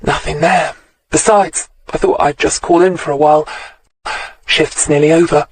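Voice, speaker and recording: A woman's voice: sits low, steady tone, normal speed, husky, dry recording. A man voicing an injured, tough young female police sergeant who talks dryly and curtly. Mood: offhand. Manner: dry, curt, wry.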